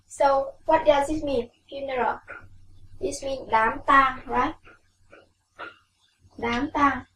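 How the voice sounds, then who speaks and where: Woman, Vietnamese accent, English teacher, slow word drills, distant mic, faint noise. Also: high voice, fairly even intonation, a bit bright, echoey room. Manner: slow, drilling words with repeated pronunciation. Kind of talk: classroom vocabulary lesson. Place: classroom.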